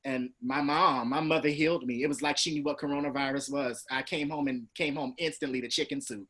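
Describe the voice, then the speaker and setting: A male teacher speaks to his class over a video call, telling his own story in a lively way. His voice sits mid-range and leaps up when he mimics others. He is from Georgia in the US. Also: fairly quick, breathy edge. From Georgia, USA. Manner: lively, acts out others' lines with big pitch swings.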